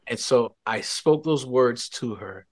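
A man, a podcast guest, giving a personal faith testimony as an animated storyteller who restarts his sentences often. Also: mid-range voice, slow pace.

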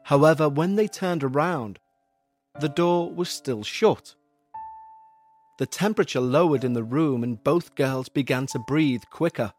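A man narrating a scripted horror story for a podcast, with a measured, suspenseful delivery. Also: on the high side, a little mellow, faint music behind.

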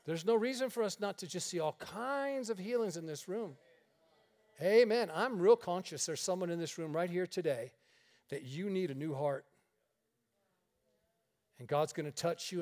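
A man's voice: high-pitched, moderate pace, long pauses, a little mellow. A male pastor preaching a storytelling sermon to a congregation, folksy and joking, acting out the dialogue. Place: church meeting room.

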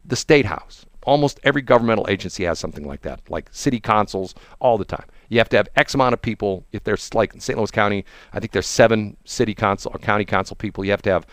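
A man's voice: fast, hardly any pauses, a bit bright, no echo, clean studio sound. A man in casual political chat, mocking and laughing often as he tells a story. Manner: chatty, mocking, laughs often, mimics people in high voices. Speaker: co-host.

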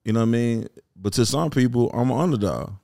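A man's voice: medium pitch, quick pace, dark tone. A middle-aged man from Memphis with a Southern accent, chatting casually as an interview guest and rambling with lots of "you know what I'm saying.". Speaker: guest rapper and producer.

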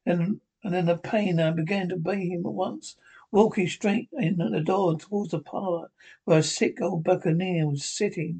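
A man's voice: sits high, gravelly, darkish tone, husky. A man reading a novel aloud as narrator, stumbling and restarting often. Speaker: audiobook narrator.

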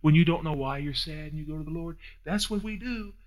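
A man preaching a sermon as pastor, with a folksy manner, swinging from loud high peaks down to soft hushed asides. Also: brisk. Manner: folksy, uses down-home phrasing.

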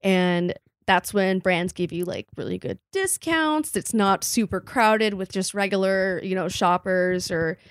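A young woman chatting casually about her work as a makeup artist, animated when telling stories. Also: mid-range voice, a little slow, few pauses, smooth, dry recording, clean studio sound. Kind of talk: casual podcast chat.

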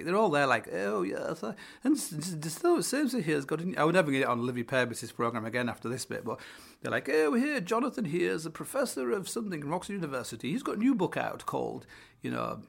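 A middle-aged man with a northern English accent tells a story in a loose, rambling way, hosting his own show. His voice has a gravelly, creaky edge. It sits at an ordinary pitch, and he peppers his talk with fillers and casual swearing. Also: a bit bright. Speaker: podcast host.

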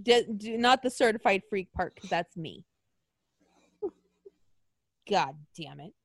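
A woman co-hosting a casual chat, ranting in an animated way with mock outrage and swearing. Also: medium pitch, slow, no room sound, clean studio sound.

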